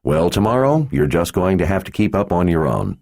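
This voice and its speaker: A man's voice: low-pitched, big pitch swings, brisk, a little mellow. A man narrating an audiobook, voicing a big, tough, protective father with a blunt, demanding drawl. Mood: stern. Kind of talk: audiobook character voice.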